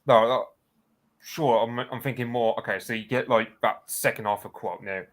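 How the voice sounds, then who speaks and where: A man's voice: medium pitch, steady tone, normal speed. A man in a casual chat who thinks aloud, hesitant and full of fillers.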